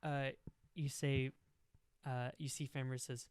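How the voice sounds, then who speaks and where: A man's voice: medium pitch, little pitch movement, slow pace, darkish tone, clean tone, dry recording. Young guy game master, rambly, tons of likes and ums, dry close sound. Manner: rambling, full of "like" and "um". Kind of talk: narrating a tabletop game.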